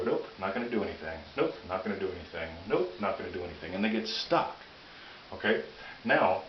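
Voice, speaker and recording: A man hosting a motivational talk, earnest and prone to restarting his phrases. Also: fairly low pitch. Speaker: motivational video host. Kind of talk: whiteboard-style motivational talk. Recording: echoey room, dull lo-fi audio with faint hiss.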